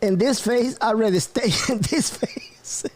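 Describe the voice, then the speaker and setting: A man's voice: extremely high pitch, a little slow, darkish tone. A man hosting a casual news commentary show, rambling and often breaking into laughter. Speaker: host.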